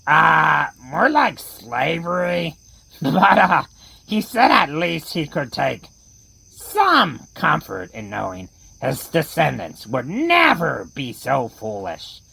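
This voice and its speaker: Gravelly, slow-talking woman horror host. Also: deep voice, big pitch swings, sharp tone, rough recording. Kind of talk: horror comedy radio play.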